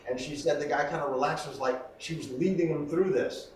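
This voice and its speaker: Animated acting coach in an echoey room. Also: male voice, fairly high pitch, brisk, slight background noise. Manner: animated, acts out quoted exchanges. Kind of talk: interview, explaining acting technique. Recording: echoey room, voice far from mic.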